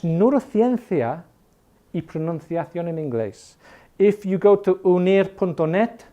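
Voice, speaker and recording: Northern english guy in his 50s teaching online, kinda high but mellow voice, jokey, keeps restarting sentences. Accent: educated Northern English. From Northern England. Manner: chatty and jokey, with frequent restarts. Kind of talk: informal online class talk.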